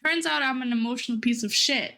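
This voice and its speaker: Teary young woman streamer, high voice. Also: fairly quick, gravelly, sharp tone. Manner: emotional, teary, swearing. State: near tears. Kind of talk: casual chat.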